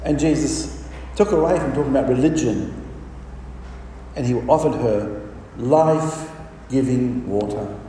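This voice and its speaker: A man's voice: mid-range voice, a little slow, long pauses, mellow, far from the mic, slight background noise. Man preaching in an echoey hall. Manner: emphatic, rhetorical questions, varied dynamics. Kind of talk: sermon.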